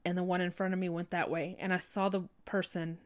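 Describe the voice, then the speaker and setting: A woman telling a heartfelt personal faith story in an earnest, halting way, full of restarts and fillers like "you know". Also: on the low side, level tone.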